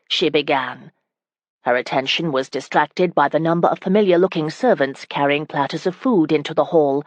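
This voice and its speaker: A woman reading a romance audiobook in calm, even storytelling. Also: low-pitched, moderate pace, no room sound. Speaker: audiobook narrator. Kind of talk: scripted audiobook narration.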